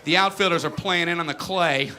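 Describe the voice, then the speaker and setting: A man doing stand-up comedy, telling stories and bursting into shouted voices of other characters. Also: on the high side, fairly quick. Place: comedy stage. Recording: live show with crowd laughter and noise.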